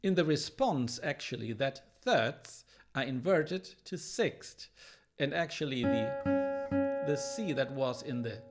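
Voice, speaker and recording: A man teaching classical guitar, analysing a piece in a thoughtful, explanatory way and pausing now and then to search for words. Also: medium pitch, lively intonation. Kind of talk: music analysis lesson. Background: guitar playing.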